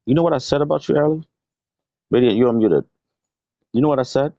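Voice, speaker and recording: A man's voice: medium pitch, fast talker, creaky, dark tone, no echo. A man hosting a live stream, scolding someone in an aggressive, profane, confrontational rant. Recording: dull lo-fi stream audio.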